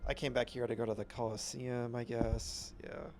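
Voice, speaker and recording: A man's voice: mid-range voice, fairly even intonation, moderate pace, creaky, background noise. Rambling man streaming a game. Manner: rambling, self-correcting, upbeat. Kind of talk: casual gameplay commentary.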